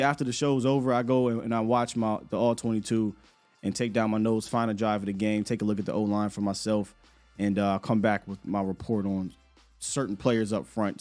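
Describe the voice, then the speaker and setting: A man's voice: on the low side, a little mellow, dry recording. Laid-back male sports talk host.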